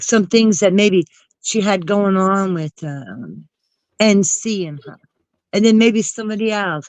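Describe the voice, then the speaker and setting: A woman with a New Jersey accent and a cold, rambling through casual gossip with animated asides. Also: mid-range voice, no echo, rough recording. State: has a cold. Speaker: chat participant.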